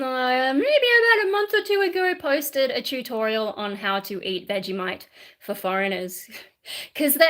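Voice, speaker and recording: An Australian woman in her twenties or thirties chats casually on a live stream while cleaning at home, in an indoor room with shelves. Her voice is high, pushed and bright, and the audio quality is poor. She rambles, pokes fun at herself, and swears and laughs mid-sentence.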